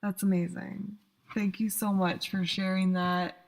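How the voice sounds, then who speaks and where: A woman's voice: mid-range voice, little pitch movement, a little slow, gravelly. A woman hosting a podcast, chatting casually and thanking her guest effusively. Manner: warm and effusive, thanks often. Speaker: podcast host. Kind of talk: casual interview chat.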